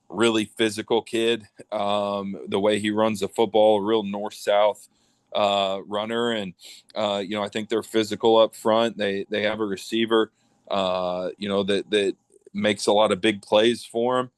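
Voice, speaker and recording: A high school football coach with a Midwestern American accent answers radio interview questions haltingly, full of fillers and restarts. His voice is low, even and smooth. The mic is dry and close, with no room sound.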